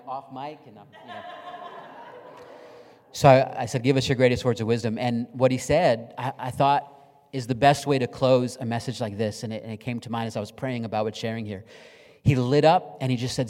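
A man's voice: medium pitch, a little mellow. Middle-aged pastor guy preaching, chatty storytelling, gets emotional and jokey, big echoey church hall. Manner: conversational storytelling, emotional and humorous. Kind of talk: sermon. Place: church sanctuary. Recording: long reverb of a large hall.

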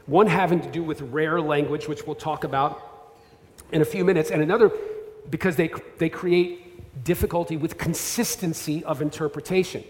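A man in his thirties preaches from a church stage, his voice sitting a bit higher than most men's. He keeps it conversational and self-deprecating, full of asides and restarts. The hall rings with long reverb. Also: moderate pace. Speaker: pastor. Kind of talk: sermon. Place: church sanctuary.

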